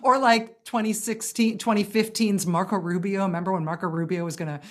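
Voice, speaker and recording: A woman's voice: medium pitch, fairly even intonation, fairly quick. A woman chatting casually about politics, wry and self-deprecating, with frequent laughter. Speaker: political commentator.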